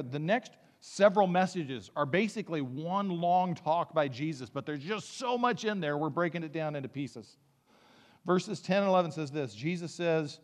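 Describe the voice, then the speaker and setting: A man in his fifties preaches in a church sanctuary with a fairly high voice. He speaks earnestly and builds to emphatic peaks as he quotes scripture. A long hall reverb trails behind every phrase. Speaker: pastor. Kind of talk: sermon.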